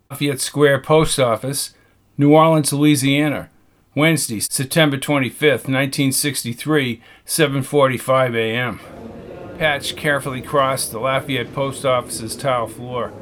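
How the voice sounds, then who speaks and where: A man reading a novel aloud as the narrator, in a steady, measured way. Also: medium pitch. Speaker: audiobook narrator. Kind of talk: scripted narration.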